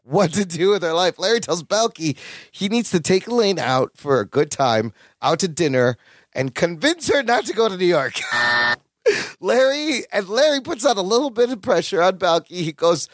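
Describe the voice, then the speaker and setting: A man's voice: sits high, normal speed, no room sound, clean studio sound. A man co-hosting a podcast, recapping a sitcom episode in casual chat and acting out the characters' lines. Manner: animated, acts out characters' lines. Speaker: podcast co-host.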